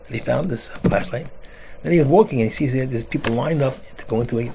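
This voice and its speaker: A man, a rabbi, telling an animated parable in casual talk, sprinkled with Hebrew and words. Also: medium pitch, fast, gravelly. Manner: animated storyteller, acts out voices. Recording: noisy recording.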